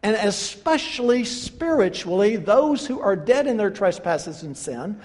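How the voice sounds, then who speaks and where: A man's voice: high voice, very animated, measured pace. Emphatic male preacher in a reverberant hall. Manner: emphatic, swings from loud to quiet, addresses congregation. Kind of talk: sermon.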